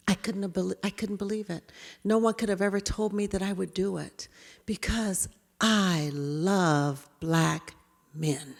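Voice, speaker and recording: A woman speaker giving a talk, telling a personal story with animated voices for herself and others. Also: mid-range voice, slow pace, gravelly. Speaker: keynote speaker. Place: large hall. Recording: reverberant hall.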